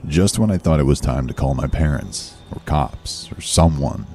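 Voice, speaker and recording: A man giving a slow, measured scripted horror narration. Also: a bass voice, animated, gravelly, mellow, soft background music. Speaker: story narrator.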